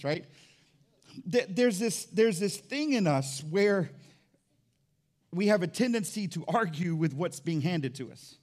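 Conversational pastor calling for amens. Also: male voice, a little high, animated, moderate pace. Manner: conversational storytelling, calls for amens. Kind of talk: sermon.

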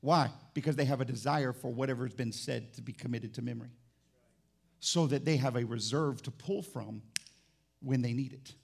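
A man, a pastor, preaching a sermon in church, animated and conversational, teasing the congregation and swinging between quiet asides and loud emphatic lines. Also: mid-range voice, normal speed, creaky, breathy edge.

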